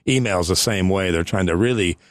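A man's voice: deep voice, brisk, no room sound, studio quality. A man hosting a radio show in easygoing, casual banter who chuckles often. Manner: easygoing, chuckles often, talks business tips. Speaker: radio host. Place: radio studio. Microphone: studio microphone.

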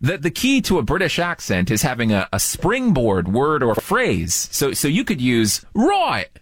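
A man's voice: mid-range voice, huge pitch swings, measured pace, a little hiss or hum. A man hosting a radio show, bantering playfully with a caller and teasing them. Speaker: radio host.

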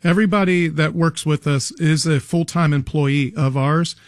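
A man's voice: a little high, steady tone, moderate pace, no room sound, studio quality. A man appearing as an expert guest on a radio show, explaining earnestly with frequent restarts. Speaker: garage door company guest expert. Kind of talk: radio interview answers.

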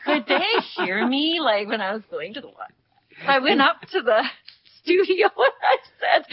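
An older woman recalling the past in an interview, with reflective, halting phrasing. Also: sits high, lively intonation. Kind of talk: interview storytelling. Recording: dry dull lo-fi recording.

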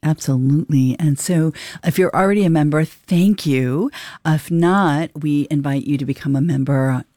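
A woman's voice: sits low, normal speed, dark tone, dry recording. A woman hosting a morning classical radio show from the studio, chatting in a friendly, upbeat way during a pledge drive. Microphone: studio microphone.

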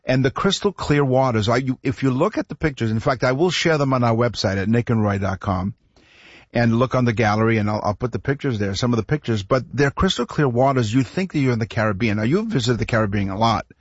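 Husky rambling male radio co-host. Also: mid-range voice, fast, no room sound, highs cut off. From Canada. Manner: rambling, repeats words, chuckles through stories. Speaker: radio talk show co-host. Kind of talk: casual radio chat, storytelling.

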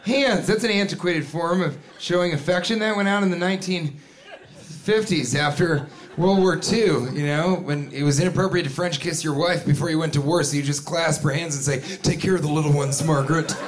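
A man doing a stand-up comedy set on a club stage, telling stories with sudden shouted voices. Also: on the high side, moderate pace. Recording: live club recording with crowd noise. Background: audience laughter.

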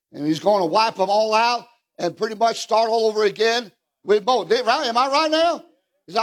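A man preaching a fiery revival sermon, asking the congregation questions, calling for amens and breaking into shouts. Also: high voice. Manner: fiery, rhetorical, calls for amens, bursts into shouts.

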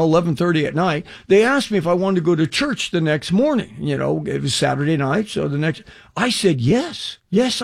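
An older man preaching a radio testimony in a high, lively voice that climbs and dips as he tells his story. He acts out every bit of dialogue, then turns and asks the listener questions directly. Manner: animated storyteller acting out dialogue. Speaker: evangelist.

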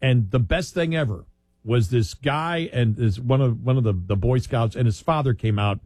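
A man's voice: mid-range voice, moderate pace, a little mellow, no room sound. A man hosting a casual chat, telling long, rambling stories and laughing often.

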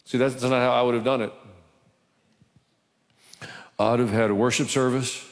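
Gravelly-voiced male pastor preaching in church. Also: mid-range voice, fairly even intonation, normal speed. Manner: conversational preaching with humorous asides. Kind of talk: sermon. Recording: reverberant church hall.

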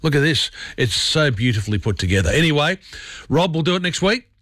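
A man hosting a radio chat, rambling and quick to laugh. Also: fairly high pitch, very animated, a bit bright, no room sound, clean studio sound. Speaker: radio host.

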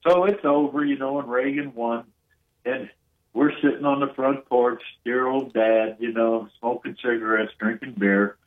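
A man's voice: mid-range voice, moderate pace. Folksy man telling stories over a dull line. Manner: folksy, animated storyteller acting out quotes. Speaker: caller. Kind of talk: storytelling on a call-in show.

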